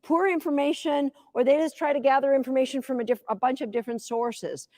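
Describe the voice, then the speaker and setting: A woman in her fifties, a dog agility coach giving a live teaching demo, chatty and energetic, cheering the dog on. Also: high voice, fairly quick, no echo, studio quality.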